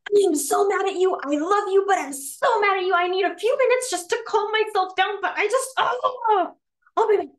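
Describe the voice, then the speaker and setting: A woman acting out an angry partner yelling, exasperated and accusing, in a podcast conversation. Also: very high-pitched, normal speed, roomy sound, far from the mic, voice pushed up. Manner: shouting, exasperated.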